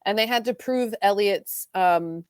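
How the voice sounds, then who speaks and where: A woman co-hosting a podcast talks fast and animated as she recaps a soap opera, full of "like"s. Her voice sits in a middle range and sounds dry and close to the mic. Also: medium pitch, clean tone, no room sound. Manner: fast, animated retelling with many "like"s. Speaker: podcast co-host.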